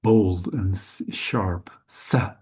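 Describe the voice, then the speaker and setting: A man whose first language is Dutch, teaching Sanskrit letters in a slow, careful lesson, hesitant and correcting himself often. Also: mid-range voice, dark tone. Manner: hesitant, halting, with frequent self-corrections.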